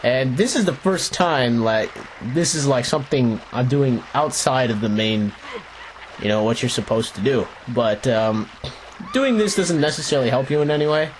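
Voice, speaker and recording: A man's voice: mid-range voice, animated, normal speed, a little hiss or hum. A young man hosting a let's play, giving playful, jokey gameplay commentary, rambling and talking to the characters on screen. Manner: rambling, restarts his sentences. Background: game music.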